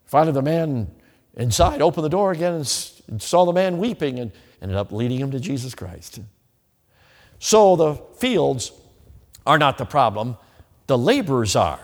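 A man preaching a sermon in a church, folksy and animated, chuckling between points. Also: medium pitch. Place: church sanctuary. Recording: long reverb of a large hall.

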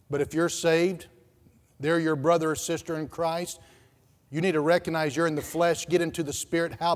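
A man's voice: a little high, in a large hall. A male pastor preaching a sermon emphatically, with repeated words and rhetorical questions.

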